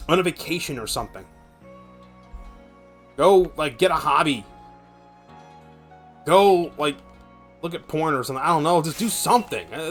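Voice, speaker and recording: Male streamer, 20s, raised pitch, foul-mouthed rambling rants, faint background music. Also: a bit bright. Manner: profane rambling rant. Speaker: VTuber streamer. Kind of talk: casual game stream chat.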